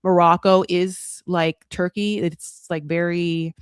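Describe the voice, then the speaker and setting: A woman hosting a casual recap podcast, talking in an animated, rambling way and slipping into funny voices for quotes. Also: fairly low pitch, takes it slowly, clean tone, no echo, studio quality. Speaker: podcast host recapping a reality show. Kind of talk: casual chat.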